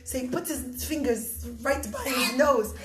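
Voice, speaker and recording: A woman telling a story to children in an expressive way, often calling out to them directly. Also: high voice, unhurried, faint music behind. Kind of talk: animated storytelling. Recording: echoey room.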